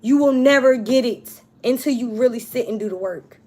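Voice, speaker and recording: On the verge of crying, a woman with a high-leaning voice and dark tone talks at a moderate pace. She's a tarot reader doing an emotional spiritual reading, speaking casually and with emphasis to her viewers.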